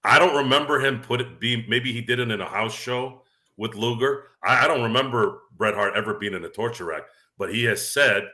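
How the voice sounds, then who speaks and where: A man's voice: mid-range voice, brisk, pushed and bright. A man co-hosting a casual sports talk podcast, rambling and self-deprecating, laughing often as he talks. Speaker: podcast co-host.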